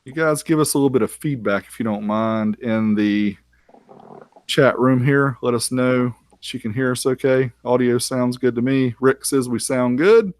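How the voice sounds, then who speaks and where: A man's voice: medium pitch, moderate pace, dry recording. A man co-hosting a live-streamed interview, upbeat and welcoming as he keeps the show moving. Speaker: podcast co-host.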